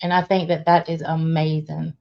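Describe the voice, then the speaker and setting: A woman's voice: low voice, flat delivery, normal speed, creaky. A woman hosting a casual live stream, greeting viewers one by one and laughing often. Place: laundry room. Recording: dull lo-fi stream audio.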